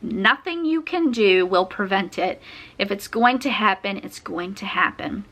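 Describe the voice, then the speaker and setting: Young woman, bright tone, casual storytelling, chatty, laughs often. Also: mid-range voice, expressive, a little slow. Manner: chatty, laughs often, uses many fillers. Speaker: vlogger telling her birth story.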